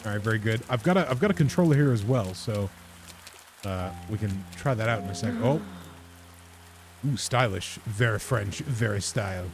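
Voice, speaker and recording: A man's voice: medium pitch, fairly quick, faint music behind. A man giving casual, rambling let's-play commentary, often laughing at himself. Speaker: game streamer.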